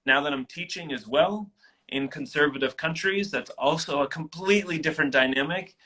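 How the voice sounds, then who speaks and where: A man in his thirties, a guest in an interview, telling personal stories in a casual, animated way. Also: on the high side, normal speed, poor audio. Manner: animated, acts out quoted voices.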